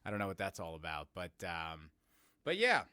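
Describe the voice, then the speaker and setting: A man's voice: low-pitched, fairly even intonation, brisk, bright, forceful tone, clean tone, dry recording, clean studio sound. A man hosting his podcast as a casual live-stream chat, rambling and joking and greeting chat viewers by name. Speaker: podcast host.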